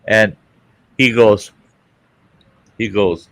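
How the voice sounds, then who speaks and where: A man's voice: fairly low pitch, fairly even intonation, extremely slow, vocal fry, no room sound. A man hosting a casual livestream chat, telling a rambling, crude anecdote full of swearing. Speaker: livestream host.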